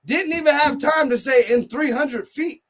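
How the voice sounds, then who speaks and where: Man, very high voice, comic storyteller, animated, heavy swearing, loud bursts. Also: normal speed. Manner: animated, loud, swears heavily, acts out quotes.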